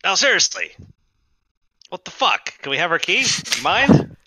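A man's voice: sits high, big pitch swings, takes it slowly, sharp tone, dry recording, voice pushed up, full character voice. A man putting on a foul-mouthed belligerent squatter. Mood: hostile. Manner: swearing, hostile, then backing down. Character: rude, belligerent male squatter guarding a room.

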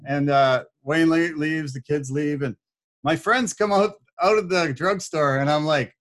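Man, fairly high voice, lively anecdotes, laughs a lot, podcast guest. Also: measured pace. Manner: animated, laughs often, acts out quotes. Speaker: podcast guest, corporate speaker. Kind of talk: casual storytelling.

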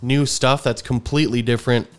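A man's voice: medium pitch, fairly even intonation, brisk, clear, resonant tone, soft background music. A man hosting a podcast, chatting casually and easygoing with a guest. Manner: easygoing, lots of fillers and laughs. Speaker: podcast host. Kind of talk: casual interview chat.

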